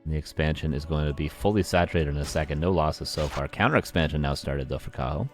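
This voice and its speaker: A man's voice: very deep voice, quick pace. A man casting a live strategy game match, chatty, talking to his chat and laughing at himself. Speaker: esports caster. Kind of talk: live play-by-play game commentary. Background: game music and sound effects.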